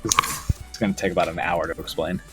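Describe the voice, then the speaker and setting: Lively teasing man hosting a stream. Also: sits low, fairly quick, creaky, soft background music. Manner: laughs often, swears freely, teasing. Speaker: streamer host. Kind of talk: casual voice-chat banter. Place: online voice chat during a game stream.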